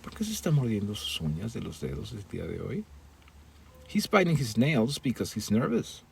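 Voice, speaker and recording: A man's voice: lowish voice, wildly swooping pitch, fairly quick, vocal fry, a little mellow, breathy edge. A man teaching English in a bilingual lesson, reading example dialogues and translating them into Spanish.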